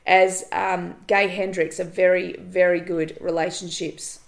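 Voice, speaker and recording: A woman's voice: fairly low pitch, flat delivery, unhurried, vocal fry. A woman coach talking on her own podcast, earnest and emphatic, repeating her phrases and swearing casually. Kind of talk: solo motivational podcast monologue.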